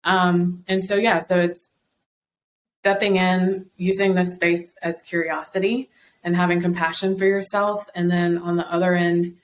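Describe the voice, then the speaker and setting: A woman's voice: on the low side, little pitch movement, measured pace, a little hiss or hum, low-quality recording. A woman guest on a podcast, encouraging and explaining at length with frequent fillers. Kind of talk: casual podcast conversation.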